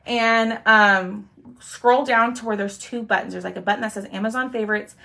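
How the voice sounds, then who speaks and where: A woman's voice: mid-range voice, fairly even intonation, moderate pace, gravelly, sharp tone. A young woman hosting a chatty live craft stream, talking viewers through her work and thanking commenters as she goes. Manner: bubbly, talks to viewers while working, thanks commenters.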